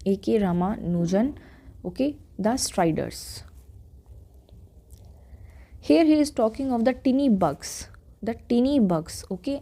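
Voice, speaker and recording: A woman's voice: mid-range voice, mellow. A woman with an Indian English accent giving an exam-prep lecture, explaining step by step and checking in with "okay" and "right".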